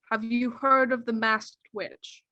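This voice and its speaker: A woman's voice: fairly high pitch, pushed and bright, no room sound, highs cut off, voice pushed up, full character voice. Woman doing a fretful old village doctor. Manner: worried, urgent questioning. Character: frantic, fussy older male village doctor.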